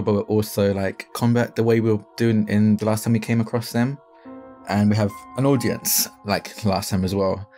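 A man's voice: fairly low pitch, darkish tone. A man playing a tabletop game, casually describing his character's scene. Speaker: player.

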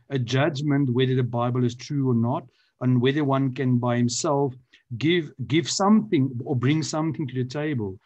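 A man's voice: medium pitch, dark tone, lo-fi sound. A man on a church panel explaining theology off the cuff, with frequent fillers and restarts. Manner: hesitant, many restarts and fillers. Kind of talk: unscripted teaching explanation.

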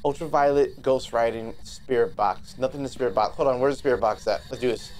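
A man streaming a ghost-hunting game, talking to his viewers in an excitable, rambling way, swearing and trailing off into restarts. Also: medium pitch, fast talker, hardly any pauses. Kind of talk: live gameplay commentary.

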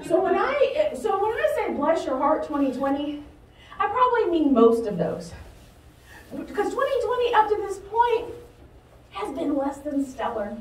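Southern woman preacher, bouncy pitch, joking around, echoey church from back a ways. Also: normal speed, slight background noise. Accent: light Southern US. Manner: chatty, humorous, animated, laughing often. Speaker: pastor. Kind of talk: sermon. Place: church sanctuary. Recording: roomy sound from a distance.

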